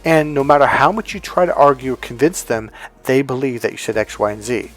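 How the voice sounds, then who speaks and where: A relationship coach gives an animated, casual teaching monologue, acting out both sides of conversations and often restarting or correcting his sentences. His mid-range voice runs a little fast.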